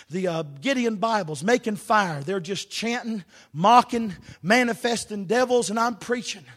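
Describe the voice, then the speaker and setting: High-voiced impassioned male preacher. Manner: impassioned, swelling to shouts with a sing-song preaching cadence. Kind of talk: sermon storytelling.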